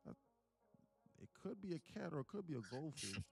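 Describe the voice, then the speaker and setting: A man's voice: a little high, big pitch swings, normal speed, gravelly, slightly rough, soft background music. A man hosting a casual live trading stream, rambling and acting out mock dialogues.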